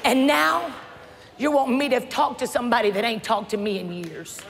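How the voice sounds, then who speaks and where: A woman's voice: a little high, normal speed, creaky, background noise. A woman voicing God as a stern, firm male figure who speaks bluntly and plainly. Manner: blunt, matter-of-fact. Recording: church hall reverb with faint crowd.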